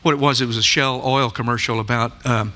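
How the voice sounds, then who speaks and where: Bright-voiced preacher giving a sermon. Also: male voice, medium pitch, fairly even intonation, fairly quick, a little hiss or hum. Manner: emphatic, asks the listeners many rhetorical questions. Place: church sanctuary.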